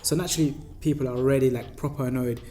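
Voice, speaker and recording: Brief: young British man, podcast co-host and doctor, slangy storyteller, mid pitch. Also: rapid-fire. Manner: lively anecdote telling, slangy. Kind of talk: casual storytelling chat.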